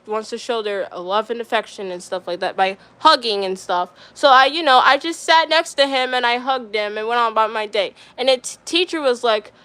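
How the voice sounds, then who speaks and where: A woman's voice: on the high side, bright, forceful tone, no room sound. A young woman streamer telling a story in casual chat, rambling with lots of fillers and getting riled up.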